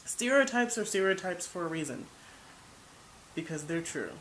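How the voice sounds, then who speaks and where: A woman's voice: lowish voice, animated, moderate pace, soft background music. A woman vlogger giving casual reaction commentary, blunt and defensive, rambling as she searches for words.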